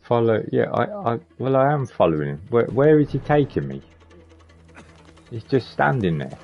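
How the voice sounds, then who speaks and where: Very animated and speaking at normal speed, this mid-range, creaky-voiced man chats with viewers by name while casually commenting on his live gameplay. Soft music plays behind him, and the lo-fi stream audio sounds slightly muffled.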